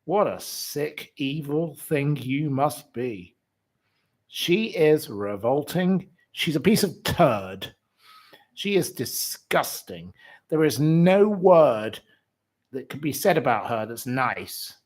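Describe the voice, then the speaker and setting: A man in his forties vents on his channel, indignant and repetitive as he stacks up insults. His voice sits fairly high for a man. He takes his time over each outraged sentence. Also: expressive, takes it slowly, a little mellow. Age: 40s. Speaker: channel host. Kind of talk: ranting livestream commentary.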